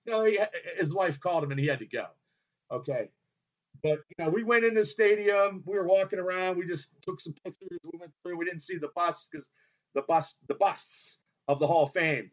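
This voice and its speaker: A man with a fairly high voice hosts an internet radio show, loudly and excitably rambling through a story. He swears freely, trails off and restarts his sentences, and the sound is dull and lo-fi like a home studio.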